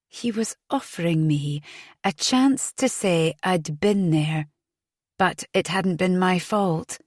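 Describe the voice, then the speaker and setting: A young woman narrating a thriller audiobook in the first person, tense and inward. She reads very slowly in a low voice, and the sound is close and dry with no room echo. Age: young adult.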